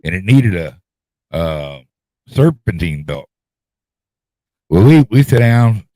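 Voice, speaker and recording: This middle-aged podcast host has a deep, warm voice that is very animated yet slow. In a folksy drawl he tells a long, rambling story as casual chat, repeating himself along the way. There is no echo.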